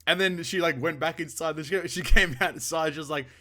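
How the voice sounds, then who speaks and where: Young male co-host, bright voice, animated storyteller who swears casually. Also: a little high, normal speed. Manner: animated storyteller, acts out quotes, laughs often, swears. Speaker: podcast co-host. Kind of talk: casual chat.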